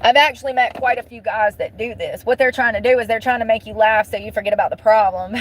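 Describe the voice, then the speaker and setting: A woman vlogger vents emotionally to her viewers in a high-leaning voice, talking fast with fairly even intonation. She's blunt and profane, repeating phrases again and again for emphasis, and the rough recording has some hiss or hum.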